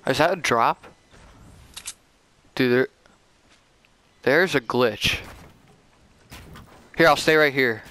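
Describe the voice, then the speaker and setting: A young man chatting casually with a teammate while playing, excitable and saying "dude" a lot. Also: mid-range voice, takes it slowly, long pauses. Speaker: gamer. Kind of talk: casual gameplay chat with a teammate.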